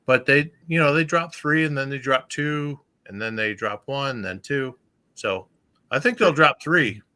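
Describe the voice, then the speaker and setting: A man on a livestream panel, telling anecdotes in an animated, emphatic way. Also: medium pitch, measured pace. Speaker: panel guest. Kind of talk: casual streamed panel chat.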